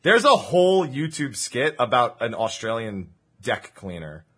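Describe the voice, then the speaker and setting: A man's voice: mid-range voice, sing-song, unhurried, a bit bright. A man from New Jersey chatting casually on a livestream, explaining slang and laughing often. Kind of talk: casual stream chat.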